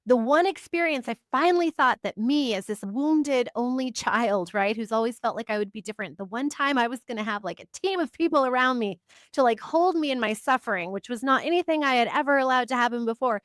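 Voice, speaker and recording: A woman's voice: on the high side, lively intonation, fairly quick, fairly bright tone, dry recording, studio quality. A woman, a psychic reader, talking casually to camera, stacking short emphatic affirmations and chatty asides. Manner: chatty, frequent "like" fillers. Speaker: psychic reader and spiritual teacher. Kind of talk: casual personal monologue to camera.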